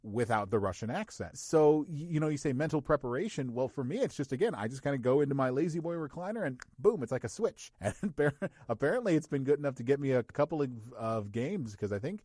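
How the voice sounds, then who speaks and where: A male voice actor with a deep voice, telling stories with energy and laughing in a podcast interview. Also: fast, no room sound, studio quality. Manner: animated storytelling, laughing.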